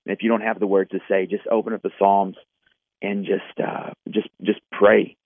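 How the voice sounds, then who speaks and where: A man, a pastor, speaking hopefully and in a measured way as a podcast guest. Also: on the low side, flat delivery, no room sound. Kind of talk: faith podcast conversation. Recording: tinny phone line.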